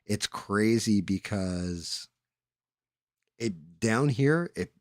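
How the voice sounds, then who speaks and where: In a casual chat, a man from the Northeastern US spins meandering anecdotes packed with fillers and cursing. His voice is lowish and animated, with stretched-out words, captured cleanly in studio quality with no echo.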